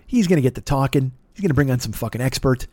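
A man's voice: mid-range voice, lively intonation, fast, a little mellow, dry recording. A man hosting a comedy podcast, ranting in a profane, sarcastic and rambling way. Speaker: podcast host.

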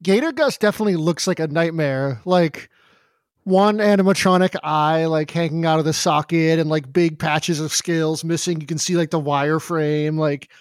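A man's voice: a little high, normal speed, dry recording, studio quality. A man playing a tabletop game, describing things casually with lots of fillers. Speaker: player.

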